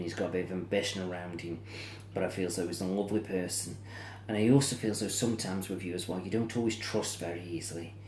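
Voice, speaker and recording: Deep-voiced man as card reader, soothing and repetitive, a little weary, echoey room with faint background hum. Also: a little mellow. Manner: soothing, repetitive, yawning and tired. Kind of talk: tarot-style reading to camera.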